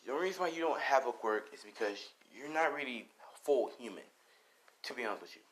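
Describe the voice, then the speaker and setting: A man voicing a calm, reassuring warrior princess who is a mother, speaking quiet and matter-of-fact. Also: medium pitch, fast talker, lightly acted, low-quality recording.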